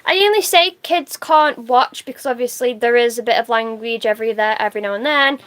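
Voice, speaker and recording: High-voiced chatty woman streamer. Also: fairly quick, fairly bright tone. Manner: chatty, laughs easily, swears casually. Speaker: livestreamer. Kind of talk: casual live-stream chat reading comments.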